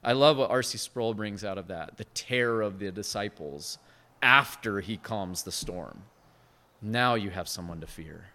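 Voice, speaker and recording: A man preaching a sermon as pastor, earnest and conversational, swinging from hushed to emphatic. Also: fairly low pitch, unhurried. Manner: conversational asides with short laughs.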